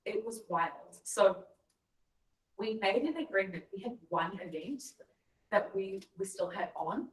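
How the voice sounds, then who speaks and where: A woman's voice: mid-range voice, lively intonation, unhurried, far from the mic. Earnest woman, echoey room. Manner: earnest, reflective storytelling. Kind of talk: casual chat. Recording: echoey room, voice a bit off-mic.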